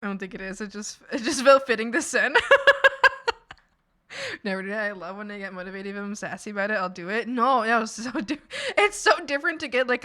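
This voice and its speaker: A woman streaming while she works on art, telling stories in a casual, animated way, acting out quotes and laughing often. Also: mid-range voice, no room sound, studio quality. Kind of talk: casual chat while drawing.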